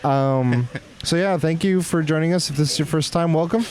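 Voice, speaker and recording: A man's voice: on the high side, normal speed, darkish tone. A man hosting a casual podcast, joking and laughing often with his co-hosts. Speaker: podcast host.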